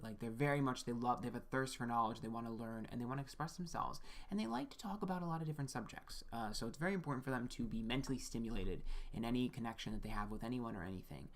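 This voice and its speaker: Bright-voiced man giving a frank reading. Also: mid-range voice. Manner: casual and direct, addresses the listener as "you", checks in with "okay?"; frank, with occasional swearing. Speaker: astrologer. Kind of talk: one-on-one birth chart reading.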